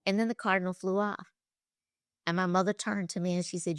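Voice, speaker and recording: A woman's voice: fairly low pitch, steady tone, a little fast, clear, resonant tone, no echo, studio quality. A woman guest on a podcast, telling personal stories in a reflective way. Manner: reflective, tells stories with acted quotes. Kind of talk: storytelling in a podcast interview.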